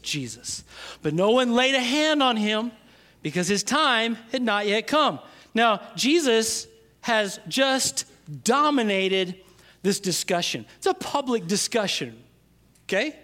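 A man preaching a sermon, stressing key phrases with slow, drawn-out words and swinging from loud to hushed. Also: high-pitched, lively intonation. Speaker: pastor.

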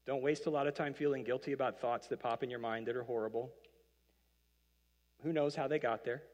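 Conversational pastor in a reverberant hall. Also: male voice, mid-range voice, fairly even intonation, fairly quick, darkish tone, dull audio. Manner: conversational preacher, playful asides, acts out quoted voices. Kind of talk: sermon. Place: church auditorium.

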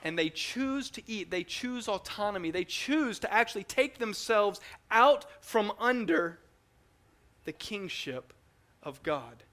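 A man preaching a teaching sermon in an emphatic, animated way, often repeating words as he goes. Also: high voice, measured pace.

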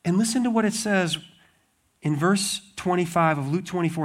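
Pastor, male, high-pitched, lively storyteller who slips into character voices. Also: normal speed. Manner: animated storytelling, acts out voices of the disciples. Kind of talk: sermon.

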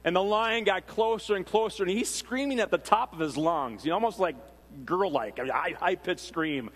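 Minnesota pastor guy, kinda high voice, chatty sermon w lots of ums and restarts, big echoey church. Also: normal speed, slightly rough. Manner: conversational, animated storytelling with frequent fillers and restarts. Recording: long reverb of a large hall.

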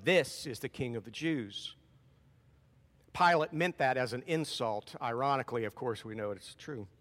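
A man's voice: on the high side, fairly bright tone. A man preaching a sermon, reading scripture aloud with rising emphasis and then explaining it plainly. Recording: long hall reverb.

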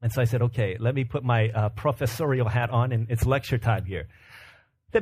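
A man's voice: mid-range voice, expressive, moderate pace, long pauses, slightly rough. A pastor in his thirties giving a conversational sermon, asking the congregation questions and telling stories about his young children. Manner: conversational preaching with rhetorical questions and family stories.

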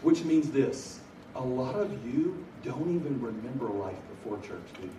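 A man's voice: medium pitch, moderate pace, noisy background. A middle-aged man preaching a sermon to a large room, telling stories with bursts of energy. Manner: energetic storytelling, bursts of excitement. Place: large room at a college gathering. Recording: echoey room from a distance, faint ambience.

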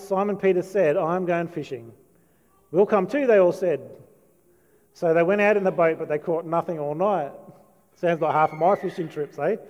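Male preacher, high-pitched, eager storyteller, with long reverb from a big hall. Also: mellow. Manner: enthusiastic, storytelling with asides and quoted lines. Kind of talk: sermon.

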